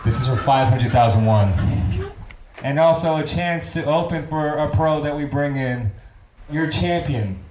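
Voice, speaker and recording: A man hosting a comedy competition, announcing the prizes and shouting in the acts. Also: on the high side, a little slow. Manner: hyped, shouted introductions. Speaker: host of the competition. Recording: echoey club with faint noise.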